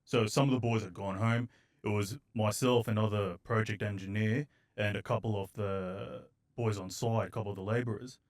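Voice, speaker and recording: A man with a fairly low voice hosts a podcast. He speaks in an easygoing, agreeable way as he shares his own memories of site work. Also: steady tone, normal speed. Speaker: guest host. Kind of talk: casual podcast interview.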